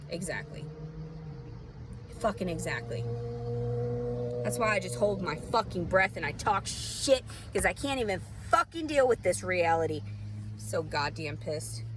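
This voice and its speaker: A woman's voice: medium pitch, noisy background. A young woman, venting bitterly and profanely in a rambling personal monologue. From Southern US. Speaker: vlogger.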